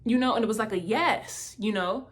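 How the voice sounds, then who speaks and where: A woman telling a personal testimony in a casual, animated way, speaking straight to her listeners. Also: medium pitch, moderate pace.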